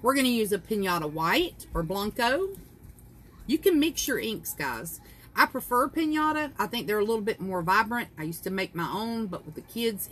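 A woman's voice: mid-range voice, slight background noise. A middle-aged woman from South Carolina with a Southern accent, hosting a casual craft livestream in her home kitchen, folksy and chatty. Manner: chatty, folksy, greets viewers by name, laughs at herself.

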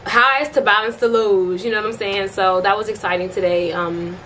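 A woman's voice: mid-range voice, fairly even intonation, moderate pace, a bit bright, slight background noise. A young woman in her twenties talking casually to her camera in a home vlog, upbeat and chatty, laughing often and using lots of fillers. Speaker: vlogger.

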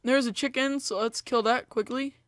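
A woman's voice: on the high side, steady tone, moderate pace, no room sound, studio quality. Chatty young woman narrating gameplay. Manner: chatty, rambling, many fillers like "like" and "you know". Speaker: gaming video host. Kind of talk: casual gameplay commentary.

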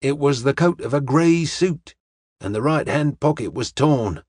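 A solid police sergeant, voiced by a male audiobook reader reports in a plain, businesslike way. He sits at a middle pitch, and the recording is close and dry. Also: lively intonation, a little slow, darkish tone, slightly rough, no echo. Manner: matter-of-fact, businesslike. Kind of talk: audiobook character reading.

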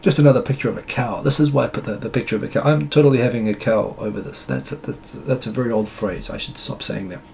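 A man from New Zealand rants at length on a casual live stream, rambling and sarcastic, his exasperation breaking through as he circles back to his point again and again. His voice has a gravelly edge with some vocal fry, and his pitch sits in a middle range. A faint hiss of noise runs under the recording. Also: quick pace, hardly any pauses, a little mellow. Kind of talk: casual ranting commentary.

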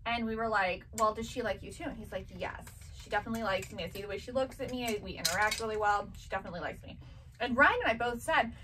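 A woman's voice: mid-range voice, quick pace, sharp tone, far from the mic, a little hiss or hum, poor audio. A woman in her thirties chatting casually as a seller and mother, telling family stories and acting out her children's voices. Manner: chatty storytelling, acts out her kids' voices. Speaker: vintage box seller and mother. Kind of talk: casual chat.

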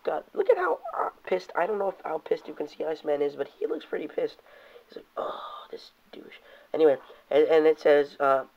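A man's voice: a little high, very animated, a little fast, hardly any pauses. Rambling young man, lo-fi home video. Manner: rambling, reads comic panels aloud in put-on voices, curses casually. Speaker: toy reviewer. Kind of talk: casual unboxing review. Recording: dull lo-fi home video audio.

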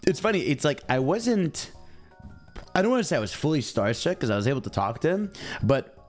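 A man's voice: a little high, very animated, a little fast, soft background music. A young adult man streaming, chatting casually and rambling while talking straight to his chat. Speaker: game streamer.

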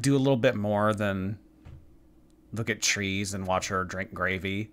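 A man's voice: fairly low pitch, steady tone, slow, long pauses, a bit bright. A man giving sarcastic reaction commentary, mocking what he watches. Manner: snarky, mocking.

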